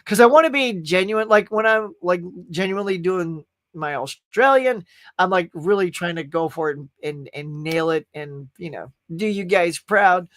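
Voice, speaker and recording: A man's voice: high-pitched, normal speed, fairly bright tone, no echo, clean studio sound. A man from the United States hosting a casual live pop culture chat, rambling and answering viewers' comments.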